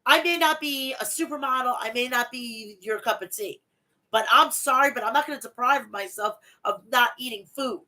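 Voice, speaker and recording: A woman's voice: fairly high pitch, moderate pace, bright, forceful tone, rough recording. A woman hosting her own wrestling review show, ranting heatedly and bluntly with plenty of swearing. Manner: reads event recap aloud. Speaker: wrestling podcast host.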